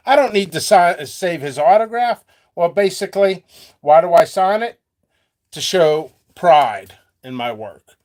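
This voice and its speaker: A man's voice: high-pitched, animated, a little slow, darkish tone. A man hosting his channel as a seed seller, talking to viewers in a rambling, joking way and laughing often. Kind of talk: free-flowing casual talk to viewers.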